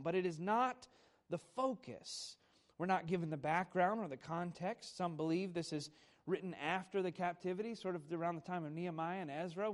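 A man preaching a Sunday morning sermon, teaching at a measured pace, stressing key words and putting questions to the congregation. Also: high-pitched. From America. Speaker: pastor.

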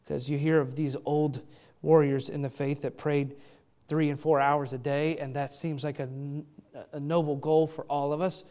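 Middle-aged pastor guy preaching, earnest, chatty, lots of questions, voice kinda high. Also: a little mellow. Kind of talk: sermon.

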